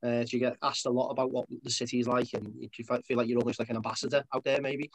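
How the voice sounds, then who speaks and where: Quick-talking guy hosting, long rambly questions. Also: mid-range voice, little pitch movement, poor audio. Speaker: podcast host. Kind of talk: casual interview.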